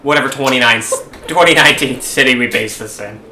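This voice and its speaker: A man's voice: medium pitch, quick pace. A man co-hosting a podcast, chatting casually with loose, playful rambling. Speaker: podcast co-host. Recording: roomy, distant mic with faint hiss.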